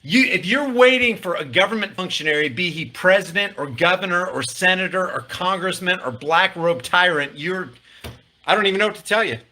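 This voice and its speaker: A man's voice: high-pitched, lively intonation, a little fast, pushed and bright. A man hosting a political commentary rant, sarcastic and full of rhetorical questions. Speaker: commentary host.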